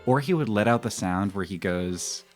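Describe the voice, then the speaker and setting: A man in his thirties with a low-pitched voice rambles casually to his stream viewers. His pitch swings widely as he gets animated and laughs along with his own stories. Soft music plays faintly behind him. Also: normal speed. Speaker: live streamer.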